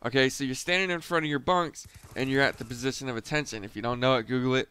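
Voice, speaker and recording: A man's voice: medium pitch, fairly even intonation, quick pace, sharp tone, clean tone. A young man casually retelling a boot camp story, loose and profane, chuckling now and then. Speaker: storyteller, former Marine recruit.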